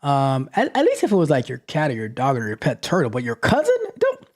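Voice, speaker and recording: A man hosting a live tech question-and-answer show, giving advice in a lively, mock-scolding way and often repeating phrases. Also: mid-range voice, a little fast. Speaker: host.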